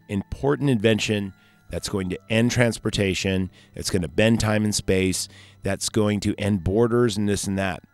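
Eager stammering scientist voiced by a man, low-ish tone, dry close sound. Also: no room sound, natural voice. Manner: rambling, stammering, pleading. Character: eager awkward male scientist inventor.

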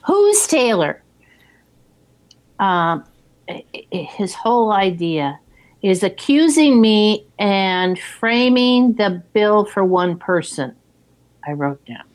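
A woman casually recapping a film from her notes, playful and animated. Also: medium pitch, takes it slowly.

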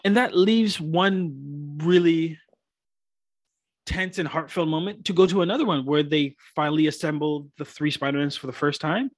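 A man with a slightly raised pitch chatting about movies with a friend. He is enthusiastic and keeps reenacting scenes as he talks. The recording is dry and close-miked. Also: normal speed, no room sound. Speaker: podcast co-host. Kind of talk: casual chat.

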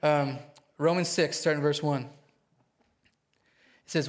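A man preaching a sermon to his congregation, excitable and quick, often checking in with them. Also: a little high. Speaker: pastor.

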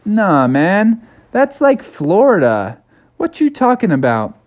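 A man voicing an excitable young frog in a bedtime story, talking high and breathless. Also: slow, exaggerated voice. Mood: eager. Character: excitable young male frog, eager and curious.

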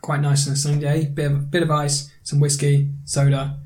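A man co-hosting a podcast, chatting casually in a relaxed, rambling way with frequent fillers and restarts. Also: on the high side, moderate pace. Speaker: podcast co-host. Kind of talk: casual chat.

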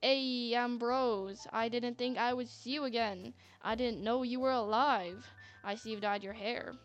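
A man's voice: extremely high pitch, fairly even intonation, measured pace, a bit bright, dull audio. A woman voicing a sleazy, grinning man of about thirty whose accent keeps shifting. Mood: overfriendly. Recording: faint music bed.

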